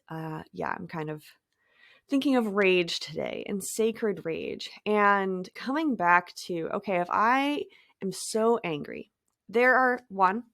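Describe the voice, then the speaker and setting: A woman hosting a reflective spiritual talk, speaking gently and thoughtfully with light laughs and trailing phrases. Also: medium pitch, no echo, clean studio sound. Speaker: podcast host.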